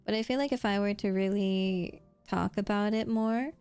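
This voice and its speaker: A woman's voice: medium pitch, fairly even intonation, normal speed, a little mellow, clean tone, faint music behind. A young woman streaming while she draws, in a rambling casual chat full of "like" and laughs, swearing now and then. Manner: chatty, rambling with frequent "like" and laughs.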